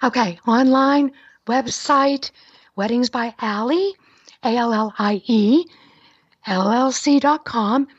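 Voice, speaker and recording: A middle-aged woman with a raspy, breathy voice, talking in an upbeat, chatty way as an interview guest. Her pitch sits on the high side, and the dry sound comes through a muffled remote line. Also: slow, no room sound. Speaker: guest, wedding planner. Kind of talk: casual interview talk.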